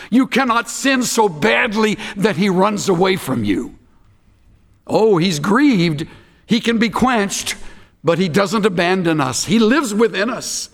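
A man preaching an expository sermon, emphatic and slowing down to stress key phrases. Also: sits high, big-room sound.

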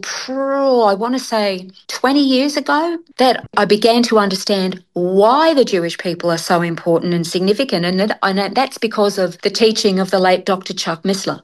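A woman in her middle range of pitch talks earnestly as an interview guest. She tells personal stories in a casual, conversational way, with animated, storytelling energy.

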